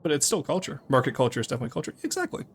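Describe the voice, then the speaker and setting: Guy streaming a game, bouncy pitch, goes off on rambly tangents. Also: racing, slight background noise. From Canada. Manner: animated, rambling rants with restarts. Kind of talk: casual live gameplay chat.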